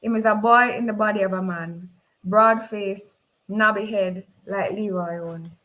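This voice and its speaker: A woman's voice: mid-range voice, measured pace, poor audio. Woman reading fiction in a Jamaican accent. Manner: expressive, voices the characters in dialogue. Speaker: reader. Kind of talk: dramatic novel reading.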